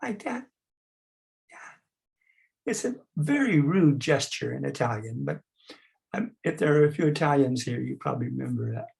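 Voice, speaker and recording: A man's voice: mid-range voice, expressive, moderate pace, gravelly, long pauses, a little mellow. An older man leading a group through playful clown-face exercises, coaxing them and demonstrating sighs and growls over a video call. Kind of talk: instructional talk with face exercises.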